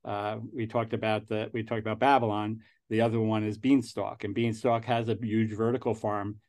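A man's voice: fairly low pitch, little pitch movement, normal speed, darkish tone. Rambling New York man in his sixties. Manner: rambling, with frequent restarts. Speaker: angel investor guest. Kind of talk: casual interview talk.

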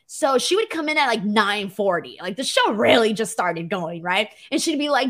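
Young adult woman, casual vlogger telling lively stories, playful and quick to laugh, voice slightly high. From US West Coast. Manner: animated, laughing, playful impressions. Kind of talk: casual Q&A storytelling.

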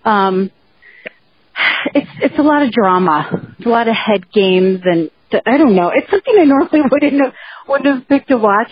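A woman's voice: mid-range voice, husky, no room sound. A woman co-hosting a podcast in casual chat, talking hesitantly with many fillers and repeats. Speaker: podcast co-host. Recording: dull lo-fi sound.

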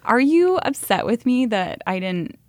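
A woman's voice: fairly high pitch, very animated, a little slow, dry recording. A woman hosting a podcast in a studio, talking casually and sometimes apologetically with her guest. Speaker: podcast host.

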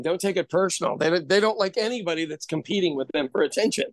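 Irish male podcast co-host, high voice, dry close mic, chatty storyteller. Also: fast talker, dry recording. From Ireland. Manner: storytelling, laughs often. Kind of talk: casual chat.

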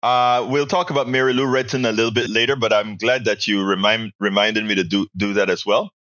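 A man's voice: fairly low pitch, steady tone, a little fast, a bit bright, dry recording, dull audio. A man hosting a casual podcast, reading out listener comments and answering them with strong opinions. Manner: opinionated, reads chat messages aloud and answers them. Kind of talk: casual live call-in commentary.

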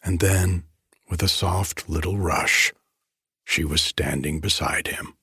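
A man narrating an audiobook in a slow, hushed, intimate, breathy voice. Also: a bass voice, steady tone, no room sound, studio quality. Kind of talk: audiobook reading.

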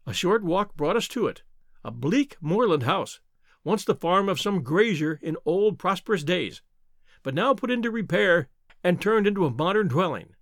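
A man reading a classic novel aloud as an expressive first-person narrator. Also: sits high, normal speed, no echo, studio quality.

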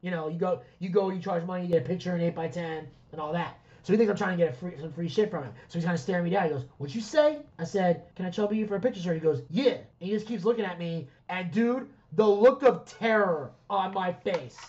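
A man's voice: high-pitched, quick pace, hardly any pauses, lo-fi sound. A man hosting a podcast, telling stories in casual chat, acting out other people's lines and swearing freely. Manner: animated storyteller who acts out quotes, swears freely. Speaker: podcast co-host.

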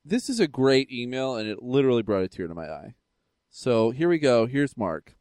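Man, podcast co-host, casual rambling chat, lively intonation, dry sound. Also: mid-range voice, normal speed, smooth, dry recording. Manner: rambling, joking, many fillers.

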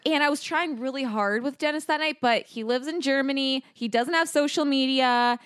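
A woman's voice: high-pitched, moderate pace, a bit bright, dry recording, clean studio sound. A young woman in her twenties co-hosting a casual podcast chat, bubbly and playful, laughing often. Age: 20s. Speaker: podcast co-host.

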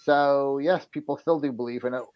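A man's voice: mid-range voice, steady tone, normal speed. Hesitant man on a dull, lo-fi line. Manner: hesitant, filler-heavy musing. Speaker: podcast guest. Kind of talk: casual podcast chat.

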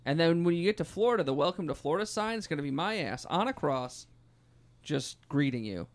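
A man's voice: a little high, lively intonation, brisk. A man co-hosting a podcast in casual chat, with a dry, sarcastic manner. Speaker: podcast co-host.

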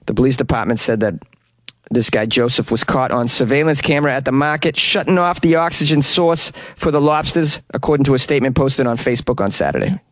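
A man's voice: mid-range voice, brisk, no echo. Dry-voiced man joking through news stories. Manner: joking, sarcastic, casual swearing. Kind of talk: casual commentary on news stories.

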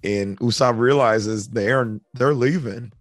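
A man co-hosting a podcast, casually retelling story scenes and acting out character lines in high voices. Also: measured pace, dry recording, soft background music. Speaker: podcast co-host.

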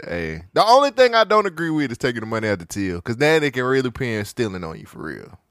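Male podcast co-host, relaxed counterpoints, lively intonation, dry close sound. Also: medium pitch, fast talker, dry recording. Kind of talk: casual podcast chat.

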